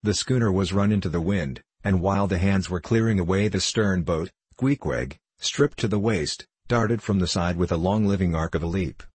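A man reading a classic novel aloud in the first person, measured and deliberate. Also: low-pitched, a little mellow, slightly rough, dry recording. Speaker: audiobook narrator.

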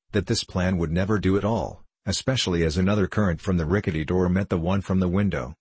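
A man reading a classic novel aloud as scripted narration, in a measured storytelling delivery. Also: low voice, darkish tone, husky, no echo. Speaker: audiobook reader.

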